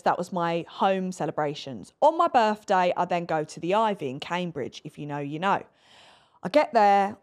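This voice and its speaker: A woman in her twenties, hosting a podcast, telling a story in a chatty, dramatic way with swearing. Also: lowish voice. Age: 20s. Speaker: podcast host. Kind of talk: casual storytelling chat.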